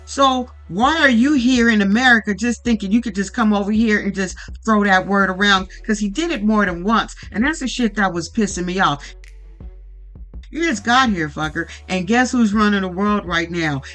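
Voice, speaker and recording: Casting note: bright, forceful recap host, blunt and profane, with faint music under the voice. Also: mid-range voice, low-quality recording. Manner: blunt, profane, animated ranting. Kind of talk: casual profane commentary.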